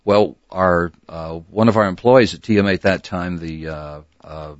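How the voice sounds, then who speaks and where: A man's voice: low-pitched, moderate pace, no room sound, muffled recording. An older man and former disc jockey, telling stories casually in a radio studio interview and laughing easily. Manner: animated, swings into voices, laughs easily.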